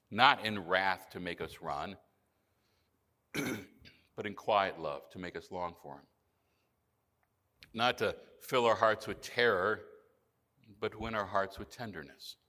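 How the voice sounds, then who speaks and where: A male pastor preaching a sermon in an earnest manner, often dropping to a soft, low voice for emphasis. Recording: church hall reverb.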